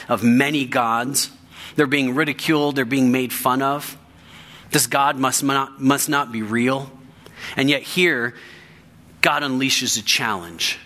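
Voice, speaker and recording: Bright-voiced man preaching a sermon. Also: mid-range voice. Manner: emphatic, repeats key phrases for weight. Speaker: pastor.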